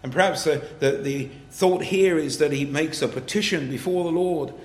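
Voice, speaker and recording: A man's voice: fairly high pitch, moderate pace, echoey room. A man preaching a sermon to his congregation, earnest and building to emphatic passages as he reads and explains scripture. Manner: earnest, rising to emphatic, reads scripture in King James wording.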